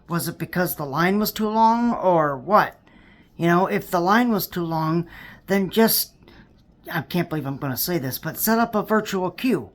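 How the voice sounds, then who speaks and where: Low-voiced woman rambling to her viewers. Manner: rambling, repeats words, many fillers, exasperated. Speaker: theme park news vlogger. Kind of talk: casual commentary to viewers.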